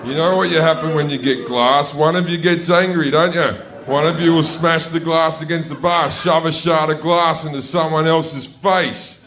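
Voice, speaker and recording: A man's voice: a little high, steady tone, normal speed, hardly any pauses, fairly bright tone, slight background noise. A man with an Australian accent doing profane stand-up comedy on a club stage, telling a brash story to a laughing audience.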